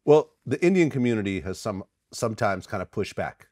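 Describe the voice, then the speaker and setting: A male interviewer asking questions and reading from his notes in a halting way, with many fillers. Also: fairly low pitch, animated, darkish tone, dry recording, studio quality. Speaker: interviewer host.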